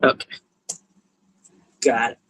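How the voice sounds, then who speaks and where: A man's voice: slow, fairly bright tone, low-quality recording. Easygoing man co-hosting a stream. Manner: easygoing, hesitant with frequent uhs. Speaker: guest co-host. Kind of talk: casual livestream chat.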